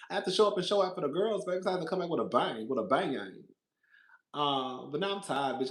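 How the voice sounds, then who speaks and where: Bright, over-the-top dramatic man. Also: high-pitched, lively intonation, brisk, roomy sound, rough recording. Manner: over-the-top and dramatic, swings from hollering to whispering; profane, chatty, calls listeners "girl". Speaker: TV recap vlogger. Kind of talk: reality TV review commentary.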